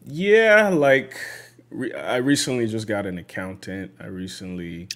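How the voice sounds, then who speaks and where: A man from Nigeria, a podcaster, answering interview questions in a relaxed, measured way with many fillers. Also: on the low side. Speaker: podcaster guest.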